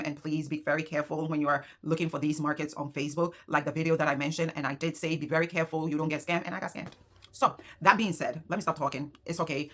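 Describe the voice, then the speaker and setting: Low-pitched woman vendor, casual vlog storytelling, emotional and animated, voices the other people in the story. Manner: emotional, animated retelling with quoted dialogue. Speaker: small business owner and market vendor.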